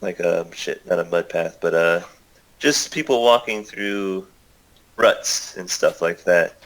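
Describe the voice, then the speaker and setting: Low-voiced man narrating a tabletop game. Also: slow pace, fairly bright tone, poor audio. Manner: loose, filler-heavy improvised narration. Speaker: game master.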